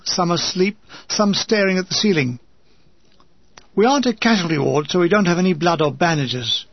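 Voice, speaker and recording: An older man reads his wartime memoir with wry, dry humour. His voice is high and husky. It is recorded close and dry on a dull lo-fi track. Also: no room sound. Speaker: memoir reader. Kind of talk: reading a wartime memoir aloud.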